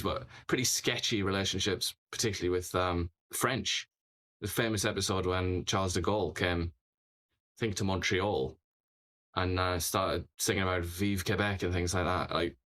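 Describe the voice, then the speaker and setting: A man's voice: deep voice, fairly bright tone. A man hosting a political commentary show, talking in an opinionated, sarcastic way, full of mocking rhetorical questions.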